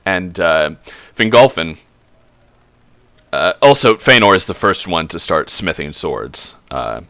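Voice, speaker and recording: A man casually retelling a fantasy book over a drink, rambling, swearing and correcting himself. His voice is low but bright and forceful. The sound is dry and close. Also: creaky, no echo. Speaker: streamer.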